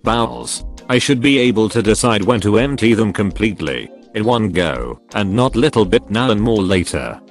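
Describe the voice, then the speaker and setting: A man narrating online posts in a flat, evenly paced scripted read. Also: on the low side, normal speed, hardly any pauses. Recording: faint music behind.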